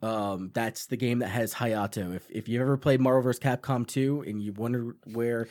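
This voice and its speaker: A young man from Long Island, co-hosting a casual podcast chat, animated and swearing freely while acting out quotes. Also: medium pitch, normal speed. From Long Island, New York. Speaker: podcast co-host.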